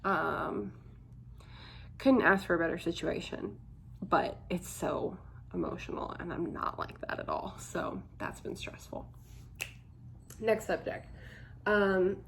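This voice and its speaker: A young woman talks candidly to her camera in a relaxed, chatty vlog, her low voice catching in a gravelly fry. Fillers tumble in as she talks. A faint hum of room noise sits under the recording. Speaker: vlogger. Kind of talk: casual chat to camera.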